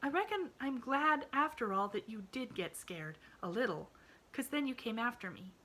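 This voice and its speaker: A woman voicing a cheerful, eager little girl who chatters in a high, breathless, bubbly voice. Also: lively intonation, normal speed, pushed and bright, a little hiss or hum. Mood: wistful.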